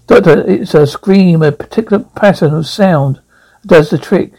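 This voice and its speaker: A man's voice: fairly high pitch, moderate pace, dark tone, poor audio. A man voicing an eager, resourceful male traveller, reading a script and stumbling over words. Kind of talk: script read aloud.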